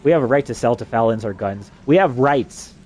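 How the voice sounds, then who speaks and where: A man's voice: mid-range voice, a little fast, a little mellow, slight background noise. A man from New Mexico delivering an agitated, profanity-laden rambling monologue. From New Mexico, USA.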